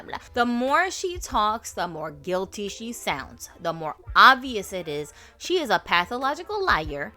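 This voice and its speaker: A woman's voice: fairly high pitch, pushed and bright. A woman hosting a casual commentary vlog, sassy and opinionated, talking straight to her viewers. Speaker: vlogger host.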